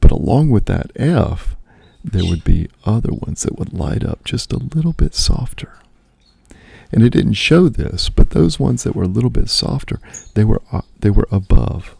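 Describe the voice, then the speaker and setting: A man's voice: fairly low pitch, animated, normal speed, creaky, a little mellow, slightly rough, dry recording. A man, a priest and host, musing aloud in casual spoken reflection, often checking in with "right?".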